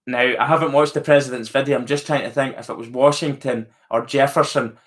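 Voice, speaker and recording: A Scottish man hosts a casual live-stream, answering his chat in a medium-pitched, a bit bright voice. He talks fairly quickly with fairly even intonation, musing aloud to viewers with plenty of fillers and restarts.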